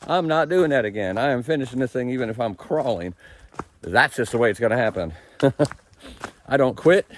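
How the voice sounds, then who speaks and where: A man narrating his thru-hike on camera as he walks a forested mountain trail, rambling and laughing at himself, sometimes quieter and further from the mic. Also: medium pitch, animated, moderate pace, a little hiss or hum. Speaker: thru-hiker vlogging the trail. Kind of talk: casual trail vlog narration.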